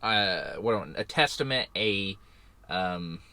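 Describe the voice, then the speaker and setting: Here a low-pitched, expressive voice moves at a slow pace, pushed and bright, on a dry recording. The man is an owner-operator trucker, loosely rambling and chatting in a vlog from his parked semi and the area around it.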